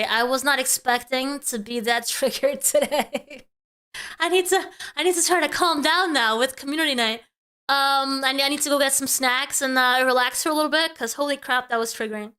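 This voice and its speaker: A woman's voice: high voice, sharp tone. A woman streamer chatting casually while reacting to video clips.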